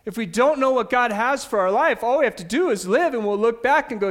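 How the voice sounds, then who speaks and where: A man preaching a sermon to his church, animated, swinging from loud emphatic bursts down to soft, quiet points. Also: extremely high pitch, a little fast. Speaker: pastor.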